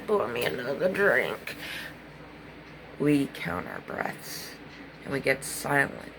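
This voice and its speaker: A woman's voice: rumbling low, noisy background. A middle-aged woman speaking to her viewers about recovery, earnest and intense, often restarting her sentences. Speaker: recovery vlogger. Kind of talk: emotional personal talk to viewers.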